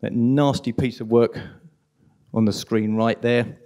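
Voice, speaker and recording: A man with a strong London accent giving an impassioned, indignant conference talk at a rapid pace. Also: medium pitch, fairly even intonation, dark tone. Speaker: conference speaker.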